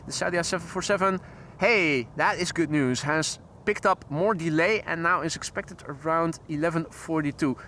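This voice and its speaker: A man's voice: fairly high pitch, normal speed, sharp tone, slight background noise. A Dutch man hosting a live plane-spotting stream outdoors, chatting precisely about arriving flights and correcting his own wording. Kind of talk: live commentary with chat greetings. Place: outdoors by an airport runway.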